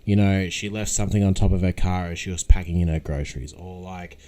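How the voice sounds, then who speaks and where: A man's voice: low voice, level tone, brisk, dark tone, slight background noise. A man commenting on a clip in a video, opinionated, dismissive and sarcastic, swearing freely.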